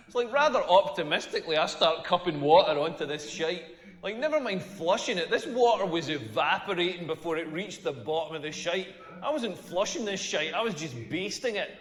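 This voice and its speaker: Scottish guy doing crude standup, fairly high voice, big roomy reverb. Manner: crude, animated storytelling with repeated "like". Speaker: stand-up comedian. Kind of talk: stand-up comedy routine.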